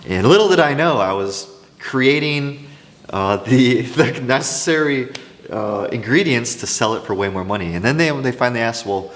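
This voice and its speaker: A man's voice: mid-range voice, moderate pace. Rambling man in a reverberant room. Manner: rambling, restarts often, animated storytelling. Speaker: craft business coach. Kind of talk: casual talk to camera.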